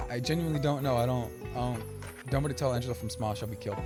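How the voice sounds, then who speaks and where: A man's voice: mid-range voice, animated, very fast. A young man casually commentating a game on stream, chatty and rambling, with game music behind.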